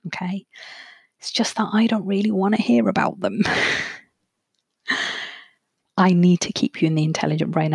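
A woman, a therapist hosting her own podcast, explaining ideas in a clear, measured way and slowing down to stress key phrases. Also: lowish voice, a little mellow, dry recording, clean studio sound. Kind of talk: solo podcast talk.

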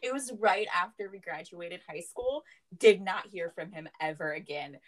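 A young woman co-hosting a casual chat, telling animated stories, swearing freely and laughing often. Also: on the low side, moderate pace, poor audio. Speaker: podcast co-host.

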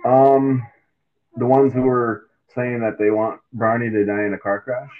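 A man co-hosting a casual sports chat, animated and acting out quotes in silly voices. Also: medium pitch, a little slow. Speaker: podcast co-host. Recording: tinny phone-like mic.

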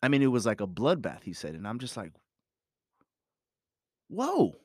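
A man's voice: fairly low pitch, lively intonation, fast talker, no room sound, studio quality. A man telling a personal story in a casual monologue, rambling and emphatic, swearing often and leaning on "you know". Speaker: parent talking about his family.

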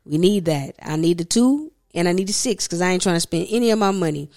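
A woman's voice: on the low side, quick pace. Ranting woman on a casual podcast. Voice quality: profane, ranting, animated storyteller. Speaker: podcast co-host. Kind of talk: casual chat.

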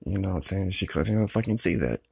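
Low husky man, upset and venting. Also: fast. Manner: rambling, profane, repeats "you know what I'm saying". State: upset, close to tears. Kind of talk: emotional venting monologue.

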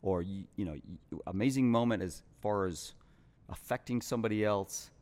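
A man in his fifties leads a casual interview over a video call with a somewhat low voice. He talks reflectively and is quick to be amused, pausing to gather his thoughts. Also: a little mellow.

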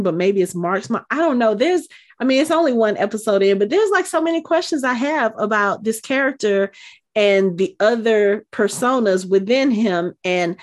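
A woman co-hosting a casual podcast, chatty and animated, thinking out loud. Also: mid-range voice. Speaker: podcast co-host. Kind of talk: casual chat.

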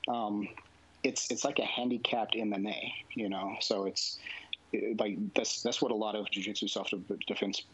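A man's voice: lowish voice, flat delivery, moderate pace, fairly bright tone, husky, dry recording, muffled recording. A man, a jiu-jitsu instructor, answering interview questions casually and rambling with lots of fillers and restarts.

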